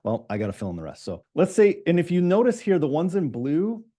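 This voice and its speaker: A middle-aged man, a business coach, leading a live online coaching session. He talks fast and keeps asking his audience questions. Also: a little high, very animated, dark tone.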